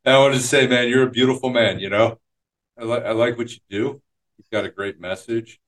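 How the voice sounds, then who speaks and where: Casual male host, friendly, halting, mid pitch. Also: steady tone, a bit bright. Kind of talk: casual interview chat.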